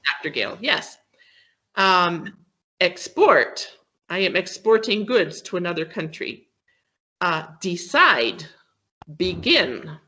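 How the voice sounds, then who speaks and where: A woman's voice: on the low side, a little slow, pushed and bright. A woman teaching an English class, explaining patiently with many fillers and frequent checks for understanding. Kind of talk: classroom lesson on word stress.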